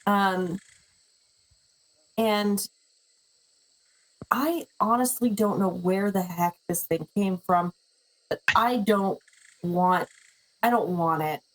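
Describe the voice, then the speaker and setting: A woman talks through her turn at a tabletop game in a slow, unhurried way. She speaks hesitantly and often stops to restart her sentences. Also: mid-range voice, poor audio. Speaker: player.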